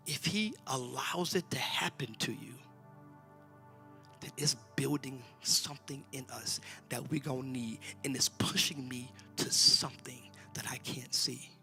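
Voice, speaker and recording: A man preaching in a church with a bright, forceful voice that sits a touch high. He swings from loud, fired-up shouts down to hushed whispers and talks in a loose, everyday way. Soft music plays faintly behind him. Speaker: pastor. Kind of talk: sermon. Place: church sanctuary.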